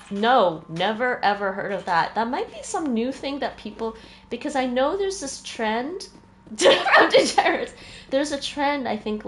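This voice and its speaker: A woman's voice: medium pitch, a little hiss or hum. A woman streaming a video game, chatting casually with her viewers and laughing often. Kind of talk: casual chat while gaming.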